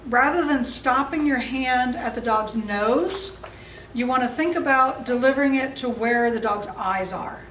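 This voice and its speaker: A slightly high, somewhat bright voice belongs to a woman dog trainer explaining exercises in an instructional seminar, friendly and easygoing with plenty of chuckles. The mic is distant, the room audible, with slight background noise.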